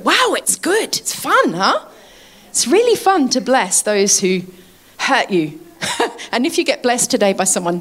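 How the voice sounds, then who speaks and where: A woman's voice: fairly high pitch, a bit bright. A woman preaching a sermon in a chatty way, laughing often and asking her listeners to agree.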